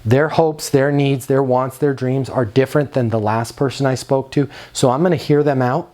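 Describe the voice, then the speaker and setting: A man's voice: medium pitch, fairly even intonation, moderate pace, darkish tone. A man giving a motivational training talk to leasing agents, direct and emphatic, drawing out key words for stress.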